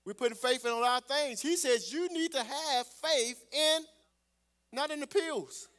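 A man preaching a sermon as pastor, calling out to the congregation and swelling loud on scripture. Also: extremely high pitch, measured pace.

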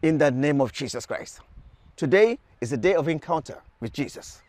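A man's voice: a little high, animated, moderate pace, a little mellow, no room sound. A man leading a televised prayer sermon, urging viewers with fervent repeated calls. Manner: fervent, repetitive exhortations to the viewer. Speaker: preacher.

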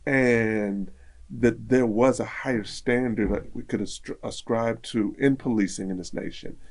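A man's voice: medium pitch, unhurried. A man telling a personal story in casual conversation, acting out the voices of people in it. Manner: animated, acts out quoted dialogue.

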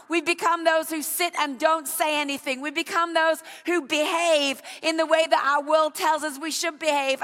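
A woman preacher delivering an impassioned sermon that builds to shouts, in a church hall. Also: high voice. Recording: long reverb of a large hall.

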